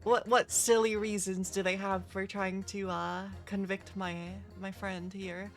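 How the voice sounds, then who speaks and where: A woman's voice: medium pitch, flat delivery, a little slow, soft background music. A woman streaming a video game, chatting casually and self-deprecatingly as she reacts to the dialogue. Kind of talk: casual live-stream commentary while reading game dialogue.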